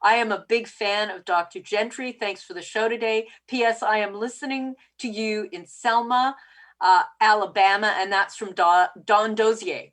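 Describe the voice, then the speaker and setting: A woman's voice: medium pitch, steady tone, moderate pace, fairly bright tone. A woman with a Canadian accent hosting a casual interview, talking in a rambling way. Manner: rambling, lots of fillers. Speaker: podcast host.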